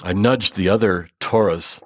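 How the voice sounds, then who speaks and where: A man reads a first-person story in an earnest, measured way, now and then restarting a word. His voice sits low. The recording is dull, dry and lo-fi. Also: no echo. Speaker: narrator.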